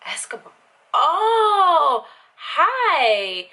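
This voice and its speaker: A woman putting on a high, gushing startled young woman. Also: sing-song, very slow, sharp tone, exaggerated voice.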